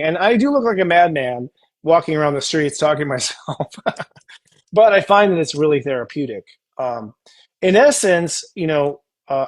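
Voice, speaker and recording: A man hosting a casual spiritual coaching chat, animated and acting out tender inner dialogues. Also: a little high. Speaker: astrologer host.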